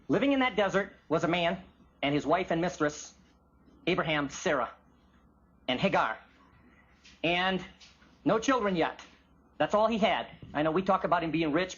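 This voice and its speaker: A man teaches a sermon with animated delivery, acting out voices from the stories he tells. His voice has a husky, breathy edge. The recording sounds muffled and lo-fi. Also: a little high, normal speed, pauses often. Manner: animated, acts out voices of biblical figures. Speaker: Bible teacher. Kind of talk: teaching sermon with acted quotes.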